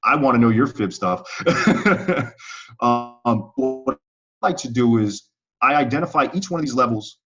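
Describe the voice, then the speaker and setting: A man's voice: mid-range voice, expressive, unhurried, a bit bright, soft background music. A man teaching price-action trading in a live online webinar, talking conversationally and often checking in with his viewers. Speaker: trading instructor. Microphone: online call audio. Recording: slightly muffled call audio.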